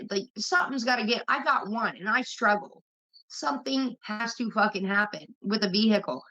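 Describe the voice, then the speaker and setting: A woman's voice: mid-range voice, fairly bright tone. A woman hosting a livestream, venting casually to her chat in a blunt, heavily profane way. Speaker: livestream host. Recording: dull lo-fi stream audio.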